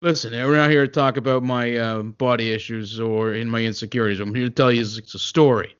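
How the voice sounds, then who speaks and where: A man's voice: mid-range voice, fairly even intonation, fairly quick, dull audio. Rambling man telling a children's story. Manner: rambling, gruff with the kids, full of hesitations. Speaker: comic storyteller doing an impression. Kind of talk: comedy sketch storytelling.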